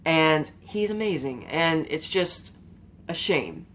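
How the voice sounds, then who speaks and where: Woman with a fairly low voice just rambling her opinions to the camera, super casual, gets emotional. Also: lively intonation, slow pace, fairly bright tone. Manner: rambling, informal, with frequent fillers and mild swearing; earnest and emotional. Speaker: YouTube commentator.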